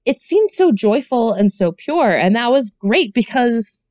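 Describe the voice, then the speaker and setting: Animated, laughing woman in her thirties. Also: on the high side, measured pace, no room sound. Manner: animated, laughing, many fillers. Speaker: podcast guest. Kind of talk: casual chat.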